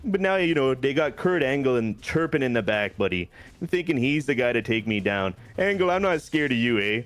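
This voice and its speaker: A man's voice: medium pitch, sing-song, fairly quick, soft background music. A man doing an impression of a boastful male wrestling champion with a put-on Canadian accent. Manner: loud, boastful, taunting.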